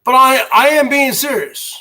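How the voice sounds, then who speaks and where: A man's voice: extremely high pitch, moderate pace, sharp tone. A man hosting a basement livestream, rambling and complaining with profanity and frequent restarts. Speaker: livestream host. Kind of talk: casual rambling livestream monologue.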